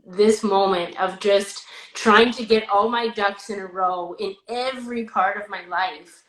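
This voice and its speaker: A woman's voice: medium pitch, measured pace, roomy sound, rough recording. A woman in her thirties hosting a podcast, talking candidly and animatedly in casual chat. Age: 30s. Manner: candid, animated, rambling with restarts. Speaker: podcast host.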